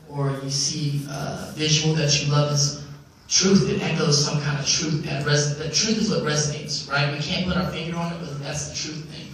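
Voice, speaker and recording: A man talks through audience questions at a convention panel, circling back on his points with plenty of "you know"s. His voice sits a little high for a man and carries a big hall echo. He sounds set back from the mic. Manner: animated, reflective, repeats words and uses "you know". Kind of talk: live panel talk answering questions. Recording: echoey hall from far off, faint noise.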